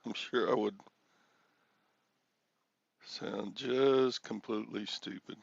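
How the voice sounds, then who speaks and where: A man's voice: lowish voice, steady tone, takes it slowly, creaky, lo-fi sound, slight background noise. A man hosting a casual solo livestream, rambling and self-deprecating as he greets viewers by name. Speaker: livestream host.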